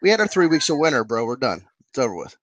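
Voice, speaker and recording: A man's voice: medium pitch, big pitch swings, fast, a bit bright, no echo. Laid-back man on a call. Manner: laid-back, filler-heavy. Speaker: co-host. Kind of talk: casual podcast chat. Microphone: video call.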